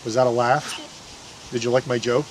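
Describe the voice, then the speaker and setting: A man's voice: mid-range voice, steady tone, moderate pace, slight background noise. Chatty man hosting outdoors. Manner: chatty, rambling with restarts and asides to viewers. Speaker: paranormal investigator host. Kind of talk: casual on-camera commentary. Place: outdoors in a historic park field.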